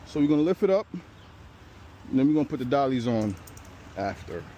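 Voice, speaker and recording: A man hosting a casual towing vlog, talking his viewers through the job as he works, relaxed and swearing now and then. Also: mid-range voice, moderate pace, highs cut off. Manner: laid-back, talks to camera while working, swears casually. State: out of breath. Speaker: channel host towing a car. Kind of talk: casual narrated tow vlog. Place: outdoors on a street and inside a pickup truck. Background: faint street and vehicle noise.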